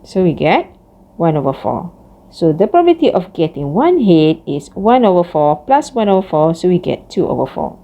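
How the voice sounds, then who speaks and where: A woman giving a recorded math lecture, explaining each step slowly. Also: creaky, lo-fi sound. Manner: slow, lively pitch, explains step by step.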